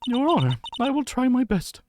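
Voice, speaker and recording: A man's voice: very high-pitched, sing-song, moderate pace, background noise, voice pushed up. A man voicing a polite young woman testifying formally as a witness in a game. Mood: earnest. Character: polite young female spirit-medium witness.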